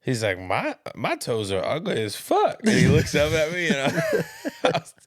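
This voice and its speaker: A man's voice: on the high side, huge pitch swings, moderate pace. A man telling stories from police work as a podcast guest, laughing often. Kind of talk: casual storytelling.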